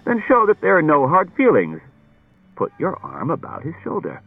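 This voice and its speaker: A man voicing a hard-nosed male police detective who talks brisk and needling, heard through a tinny old radio broadcast. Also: a little high, wildly swooping pitch, gravelly, slightly rough, pitched above the performer's own voice, exaggerated voice.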